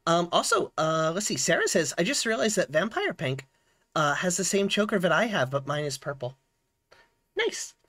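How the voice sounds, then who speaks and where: A man's voice: sits high, fairly quick. A man streaming a game live, chatting casually and fumbling with his audio settings. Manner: chatty, fumbling with settings, lively ups and downs. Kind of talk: casual live-stream chat while gaming.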